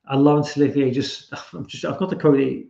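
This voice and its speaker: A man hosts a loose livestream podcast in an ordinary mid-pitched voice. He rambles, restarts his sentences and swears freely. The recording sounds a little dull and lo-fi. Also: fairly even intonation, a little fast, creaky, mellow. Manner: rambling, sweary, full of fillers. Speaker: podcast host. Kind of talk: casual livestream chat.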